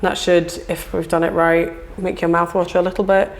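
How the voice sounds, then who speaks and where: A woman's voice: lowish voice, flat delivery, a little fast. A woman in a casual interview, explaining at length in a chatty way, with fillers. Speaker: whisky brand representative.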